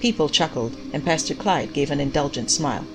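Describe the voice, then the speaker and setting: A woman with a notably low voice reads a story aloud in a measured, even way. Faint music plays softly behind her narration. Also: low-quality recording.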